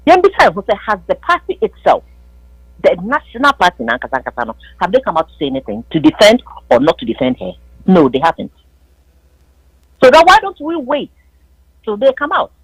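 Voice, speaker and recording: Ghanaian woman caller, husky voice, high and swoopy, emphatic, flips between english and twi. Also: huge pitch swings, fairly quick, pauses often, dry recording, poor audio. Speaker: caller on a political talk show. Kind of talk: heated political call-in debate.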